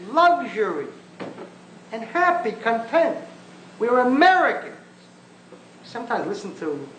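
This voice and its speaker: A man's voice: sits high, a bit bright. A man giving an impassioned lecture on Jewish thought, emphatic and often sarcastic, repeating phrases for force. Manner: sarcastic asides. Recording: echoey room with faint background noise.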